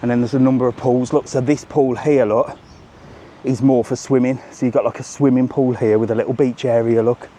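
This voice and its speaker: A man's voice: mid-range voice, fairly quick, a little hiss or hum. Chatty man on a walking tour. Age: middle-aged. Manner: chatty, animated, keeps saying "look". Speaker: travel vlogger. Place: outdoors around a hotel resort.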